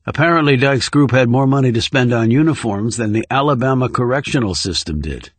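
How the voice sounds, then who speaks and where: A man narrating an audiobook thriller in an even, measured reading. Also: mid-range voice, no room sound. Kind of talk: scripted narration.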